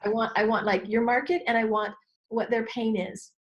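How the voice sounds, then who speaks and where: Animated woman coach, higher voice. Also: moderate pace, lo-fi sound. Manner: expressive, acts out inner voices with sudden high exclamations. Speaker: business coach, guest. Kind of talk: animated interview talk.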